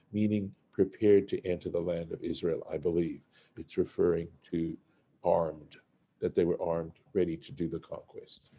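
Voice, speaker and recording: A man teaching a Torah study lesson, reading Hebrew phrases and translating them one by one in an unhurried way. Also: low-pitched, warm tone, highs cut off.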